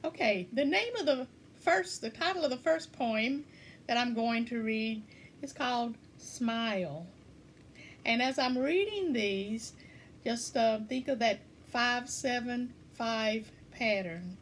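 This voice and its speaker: A woman poetry teacher explaining a writing lesson in an unhurried way, repeating key words with plenty of fillers. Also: fairly high pitch, lively intonation, a little hiss or hum. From eastern Kentucky.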